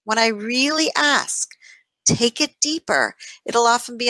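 A woman with a somewhat high voice talks through ideas as an interview guest. She is animated and keeps asking "right?" to hold the listener. The sound is dry and close, with no room around it. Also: a little slow, dry recording, poor audio. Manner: animated, acts out inner voices, says "right?" often. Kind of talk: conversational explaining in an interview.

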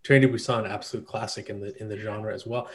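A man's voice: on the low side, fairly even intonation, quick pace. A man hosting a podcast in casual chat, firing light quiz questions at his co-hosts. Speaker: podcast host.

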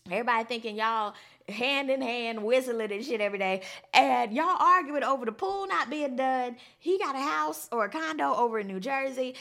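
A woman's voice: a little high, normal speed, vocal fry, a bit bright. A young woman recapping a reality show in a casual, blunt, opinionated way, swearing freely.

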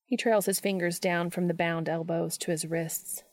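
A woman reading a story aloud in an unhurried, soft, intimate narration. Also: on the low side, steady tone, no room sound, studio quality. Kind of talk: scripted audiobook narration.

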